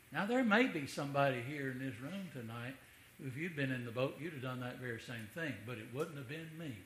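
Man, preaching to a congregation, bright tone, echoey church room. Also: medium pitch, a little hiss or hum. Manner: conversational preaching, rhetorical asides. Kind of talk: sermon.

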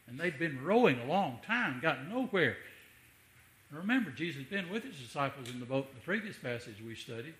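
A man's voice: fairly high pitch, lively intonation, a little fast, bright, forceful tone, roomy sound, low-quality recording. A man preaching a sermon in a conversational way, with rhetorical asides to the congregation.

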